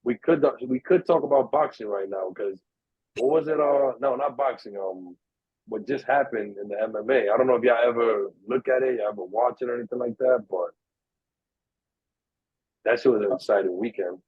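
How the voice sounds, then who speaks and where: A man's voice: medium pitch, moderate pace, husky, dry recording. A young man, casually telling a long story on a podcast, swearing freely and acting out the voices of the people in it. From New York. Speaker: podcast co-host. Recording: tinny, dry, narrow-band sound.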